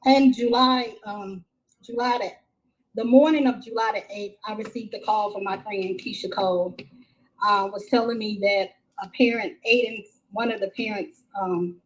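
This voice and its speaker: A middle-aged woman from Texas, a mother telling her story in a live-stream interview, halting and repeating herself with many fillers. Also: medium pitch, fairly even intonation, poor audio. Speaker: grieving mother, interview guest. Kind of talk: emotional first-person account in a live-stream interview.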